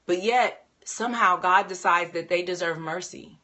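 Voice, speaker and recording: A woman giving a devotional Bible teaching talk in an animated way, full of rhetorical questions. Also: lowish voice, moderate pace.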